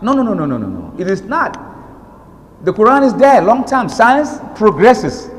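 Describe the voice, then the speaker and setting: A man's voice: sits high, big pitch swings, moderate pace. A man with a Nigerian accent preaching an emphatic sermon and reciting Arabic verses. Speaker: Islamic preacher. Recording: long reverb of a hall.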